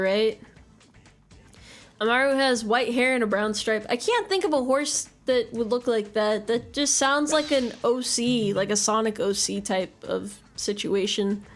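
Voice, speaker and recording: A woman game streamer in casual chat with her viewers, rambling and swearing casually as she answers their messages. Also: on the high side.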